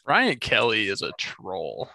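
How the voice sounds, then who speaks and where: A man hosting a casual sports podcast, telling stories in an animated way and laughing often. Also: fairly low pitch, slow pace, gravelly, no room sound. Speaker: podcast host.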